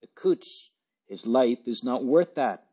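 A man voicing an excitable, warm-hearted landlady, emphatic and near tears, on a dull lo-fi recording. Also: medium pitch, slow pace, husky, voice pushed up. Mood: fervent.

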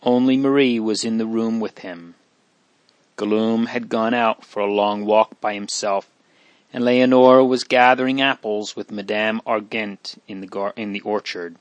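Slow, gentle male storybook narrator. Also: fairly low pitch, fairly even intonation, no echo, muffled recording. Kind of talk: audiobook reading of a classic novel.

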